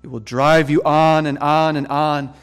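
Male preacher, slightly high voice, emphatic and dramatic sermon delivery. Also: level tone, clear, resonant tone, big-room sound. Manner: emphatic, dramatic, swings between slow stresses and quick asides.

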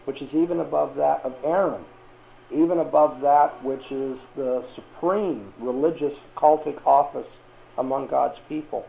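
A man's voice: fairly high pitch, gravelly, mellow, slight background noise, low-quality recording. A man teaching a Bible lesson to a class and asking them questions.

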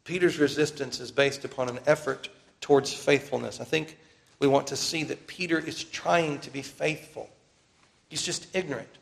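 Male preacher, mid-pitched and gravelly, earnest sermon delivery with slow emphatic repeats. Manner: earnest, emphatic repetition, slows down for key phrases. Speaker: pastor.

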